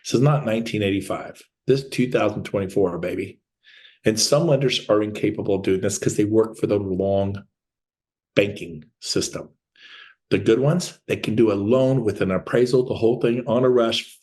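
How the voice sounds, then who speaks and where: A man's voice: lowish voice, normal speed, dark tone. A man giving a sales training talk as a real estate coach, telling stories with energy and acting out phone calls.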